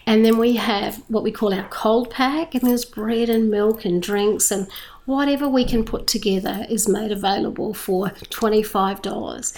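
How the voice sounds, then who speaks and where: A woman's voice: mid-range voice, fairly even intonation, normal speed, darkish tone. A middle-aged Australian woman, a church leader who runs a food charity, telling her story with enthusiasm and emphasis in an interview. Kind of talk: interview testimony.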